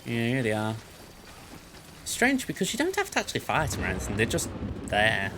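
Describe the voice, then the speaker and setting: A man's voice: mid-range voice, wildly swooping pitch, a little fast, noisy background. A man hosting a let's play, giving chatty gameplay commentary and thinking aloud in a playful way. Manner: playful, self-described goofball.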